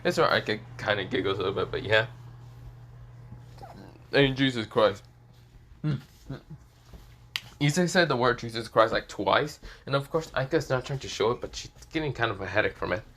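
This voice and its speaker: A man's voice: medium pitch, expressive, moderate pace, long pauses, a bit bright, slight background noise. A man improvising a fan story aloud, rambling and hesitant, with many fillers.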